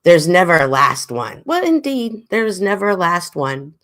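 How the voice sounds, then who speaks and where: A woman hosting a casual livestream, reading chat comments aloud, a little stuffy, with a lively way of talking that swings from loud exclaims to murmurs. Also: on the low side, normal speed. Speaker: livestream host.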